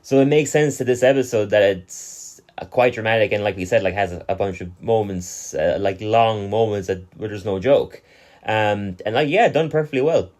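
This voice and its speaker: A young man with an Irish accent chats casually as a podcast co-host. He is animated and laughs often, and he acts out scenes in lively voices as he talks. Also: fairly low pitch, normal speed.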